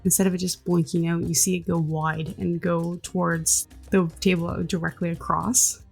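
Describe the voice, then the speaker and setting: A woman's voice: on the low side, little pitch movement, normal speed, gravelly, breathy edge, soft background music. A woman narrating as game master of a tabletop game in a casual, filler-laden way.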